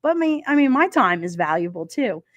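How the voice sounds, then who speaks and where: A woman's voice: mid-range voice, big pitch swings, normal speed, dry recording. A woman hosting a livestream, rambling through casual anecdotes for her chat and laughing often. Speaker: livestream host. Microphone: streaming microphone.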